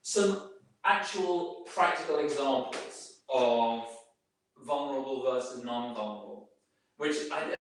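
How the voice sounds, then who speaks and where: A man's voice: medium pitch, a little slow, a little hiss or hum. Rambling man talking in an echoey room. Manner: rambling, many fillers like "you know, like". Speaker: speaker giving a workplace talk. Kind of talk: informal presentation to a group. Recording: very echoey room, speaker far from mic.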